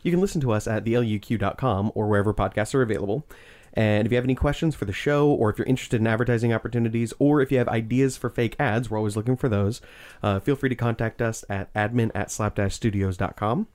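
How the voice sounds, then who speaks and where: A man's voice: on the low side, fast talker, a little mellow. A man wrapping up a tabletop podcast in a laid-back, rambling way. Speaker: podcast producer and player. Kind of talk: casual chat.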